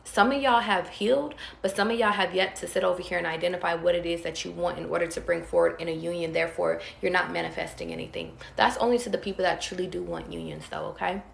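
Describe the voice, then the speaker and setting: Gravelly-voiced woman giving a tarot reading. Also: fairly low pitch, echoey room, a little hiss or hum. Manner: calm, drawn-out, talks straight to viewers. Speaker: tarot reader.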